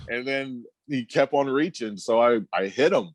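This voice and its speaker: A former pro basketball player in his thirties, appearing as a podcast guest, tells stories in a relaxed, halting way and laughs often. His voice is medium-pitched, with no echo in the casual podcast recording.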